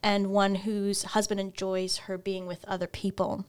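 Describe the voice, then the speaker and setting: A woman's voice: mid-range voice, measured pace, clean tone. A woman co-hosting a podcast, casually reviewing books and giggling between points. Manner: giggly, lively. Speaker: podcast co-host. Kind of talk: casual book chat.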